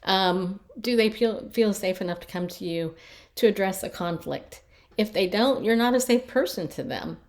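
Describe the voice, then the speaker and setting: A woman's voice: medium pitch, expressive, normal speed, darkish tone. A middle-aged woman life coach telling personal stories in a chatty, casual way, often repeating herself as she restarts. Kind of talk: casual storytelling talk.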